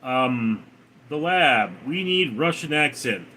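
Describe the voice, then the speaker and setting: Lively deadpan man reading livestream chat. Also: slow pace, slight background noise. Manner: deadpan, jokey, dips into a deep gravelly voice for punchlines; sings snatches of song in a high voice.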